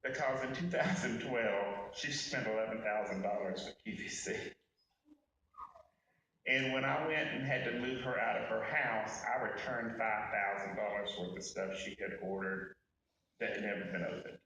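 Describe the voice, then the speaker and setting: A man's voice: on the low side, fairly even intonation, normal speed, sharp tone, slight background noise. A man giving a personal eulogy, telling candid and humorous stories and speaking straight to the mourners at a memorial service. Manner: folksy and candid, addressing the crowd directly. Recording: echoey room from far off.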